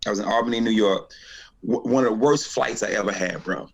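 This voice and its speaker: A man's voice: on the low side, fast talker, vocal fry, husky. A man from North Carolina, a comedian telling a story in a casual interview and acting out the voices of the people in it. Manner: animated storyteller, acts out voices. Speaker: guest comedian.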